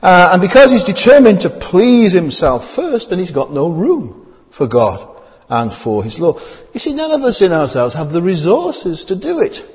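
A man's voice: high-pitched, normal speed. A man preaching a sermon, asking his listeners many rhetorical questions as his voice rises and falls. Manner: rhetorical questions, lively rising and falling delivery. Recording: long hall reverb.

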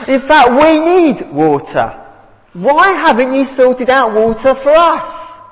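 A preacher acting out an indignant, demanding wanderer. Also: male voice, extremely high pitch, in a large hall, pitched above the performer's own voice, heavily acted. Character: angry complaining desert wanderer, man.

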